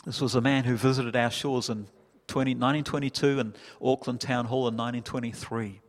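A man preaching a sermon as pastor, building from calm reflection to loud, impassioned climaxes. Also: mid-range voice, fairly quick. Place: church hall. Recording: reverberant church hall.

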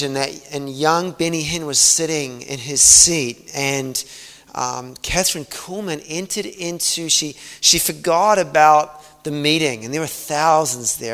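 A man's voice: sits high, fairly bright tone. A man preaching a sermon, telling a story in an earnest, reflective way with many fillers. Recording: long hall reverb.

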